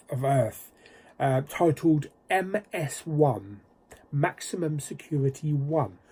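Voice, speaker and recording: A man's voice: medium pitch, warm tone, husky. A British man casually reviewing a film on his video channel, rambling, with lots of ums and likes.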